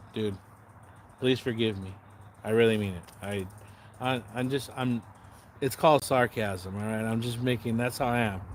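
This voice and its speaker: A man with a medium-pitched, fairly bright voice hosts a casual livestream against slight background noise. Sarcastic and rambling, he answers viewers in the comments, swears freely, and often loses his train of thought.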